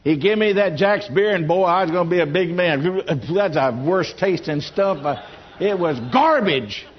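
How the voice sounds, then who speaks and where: A man's voice: high-pitched, measured pace, a little hiss or hum. An older man with a Southern accent, preaching in a homespun storytelling way and rising to emphatic bursts. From Louisiana. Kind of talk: folksy testimony sermon. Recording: dull lo-fi sound.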